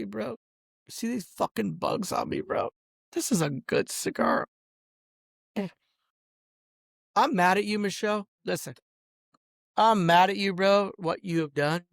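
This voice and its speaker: A man's voice: high voice, gravelly, no echo, clean studio sound. A man delivering an angry, profane rant outdoors, addressing people directly and peppering his speech with "bro" and "dog". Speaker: host. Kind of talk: angry ranting monologue.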